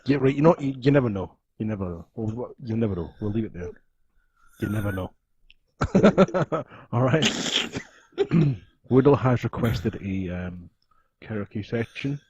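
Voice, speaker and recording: A man's voice: medium pitch, lively intonation, unhurried, pauses often, darkish tone, lo-fi sound, a little hiss or hum. A man co-hosting a gaming podcast, talking casually, laughing and swearing playfully. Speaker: podcast co-host. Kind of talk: casual chat.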